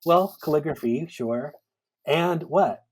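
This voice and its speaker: A man talking as a podcast guest in a relaxed interview, thoughtful and animated, often acting out the voices of people he quotes. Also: on the high side, slow. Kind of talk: conversational interview.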